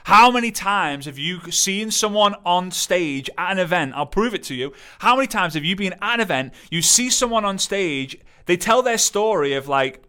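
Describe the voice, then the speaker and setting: A man giving an animated motivational talk, acting out quotes in playful voices. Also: a little high, clear, resonant tone. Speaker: motivational speaker.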